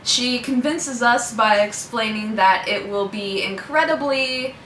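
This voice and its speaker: Young woman, casual wry storyteller, bright tone, distant echoey recording. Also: fairly high pitch, unhurried. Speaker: co-host telling a story. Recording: echoey room, from a distance, faint noise.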